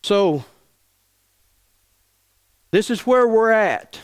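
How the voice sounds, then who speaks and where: A middle-aged pastor, preaching an angry, folksy sermon full of stammered restarts. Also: male voice, high voice, lively intonation, drawn-out words, clear, resonant tone. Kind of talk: fiery sermon.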